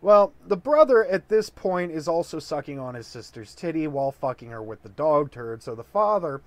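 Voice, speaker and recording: A man's voice: fairly high pitch, sing-song, normal speed, no echo. Tipsy man rambling through a joke. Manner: rambling, filler-heavy. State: drunk. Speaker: comedic storyteller. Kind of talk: improvised dirty joke narration.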